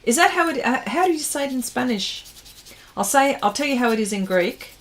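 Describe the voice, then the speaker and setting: A woman's voice: sits high, animated, brisk, a bit bright. A woman hosting an art livestream, chatting casually while she paints and reading viewers' comments aloud, often trailing off mid-sentence.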